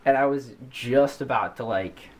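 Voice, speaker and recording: A man's voice: mid-range voice, moderate pace. A man in a band, teasing his bandmates and the engineer in casual banter in a recording studio. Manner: playful, teasing.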